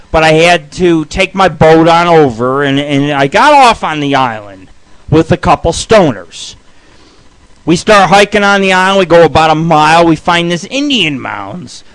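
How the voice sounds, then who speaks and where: Male radio host, bright forceful tone, rambling foul-mouthed storyteller. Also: on the high side, clean tone, low-quality recording. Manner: rambling, swears constantly, shouts punchlines. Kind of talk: profane comic storytelling.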